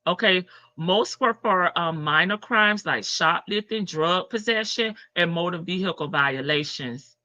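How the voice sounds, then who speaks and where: A woman's voice: lowish voice, measured pace, pushed and bright, no echo. A woman hosting a casual live stream, reading news aloud and greeting her viewers by name. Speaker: livestream host. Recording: slightly dull, dry stream audio.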